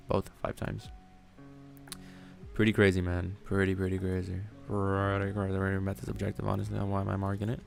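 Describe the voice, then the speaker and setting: A man's voice: sits low, monotone, fairly quick, creaky, soft background music. A man hosting a live trading stream, chatting casually, rambling, joking and thinking aloud as he goes. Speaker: livestream trading host.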